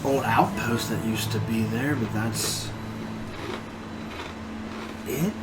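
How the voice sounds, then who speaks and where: A woman's voice: rumbling low, takes it slowly, heavy background noise. A woman player in a tabletop role-play, drawling and blunt, with music playing behind.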